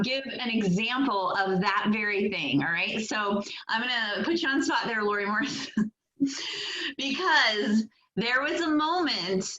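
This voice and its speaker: A woman's voice: fairly high pitch, pushed and bright, slight background noise. A woman directing a sales team on a motivational call, upbeat and chatty, laughing often and using lots of fillers. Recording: echoey, dull lo-fi call audio.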